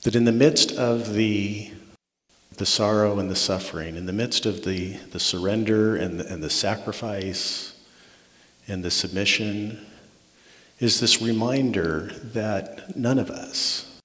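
A man's voice: fairly low pitch, a little slow, fairly bright tone. A man preaching a sermon as a pastor, earnest, often restarting words and checking in with "right?". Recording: long reverb of a large hall.

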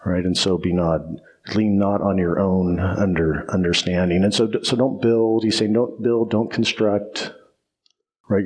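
A man's voice: lowish voice, a little mellow. A man preaching a sermon as pastor, emphatic and repetitive, often asking "right?" and restarting phrases.

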